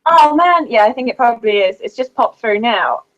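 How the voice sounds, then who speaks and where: A young British woman chatting casually on a live stream, lively and quick to laugh. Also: on the high side, lo-fi sound. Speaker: co-host.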